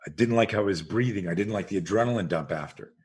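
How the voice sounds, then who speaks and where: A man in his sixties with a somewhat low voice tells stories as a podcast guest. He talks about self-defense with energy, acts out the people he quotes, and repeats words as he restarts his thoughts. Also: quick pace. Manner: animated storyteller who acts out quoted voices. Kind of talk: storytelling interview.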